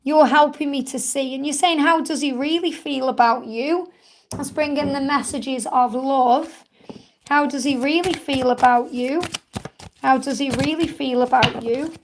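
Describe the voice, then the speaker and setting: A woman hosting a live-stream card reading, gently reassuring viewers as she relays messages. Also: sits high, unhurried, background noise.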